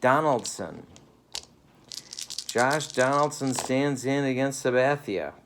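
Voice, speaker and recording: In his home living room, a man calls mock radio play-by-play for a tabletop baseball game, full of dry, playful broadcaster patter. His medium-pitched voice is animated and slow, with background noise present.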